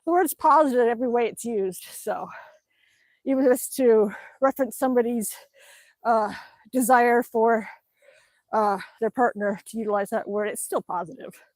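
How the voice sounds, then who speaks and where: An older woman with a high, chirpy voice chats on a live stream from home, reading comments and laughing between sentences. She pedals an exercise bike as she talks and coos at her dog in baby talk. The sound is close and dry, with almost no room echo. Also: moderate pace, a little mellow. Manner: working out on an exercise bike while talking. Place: at home, indoors.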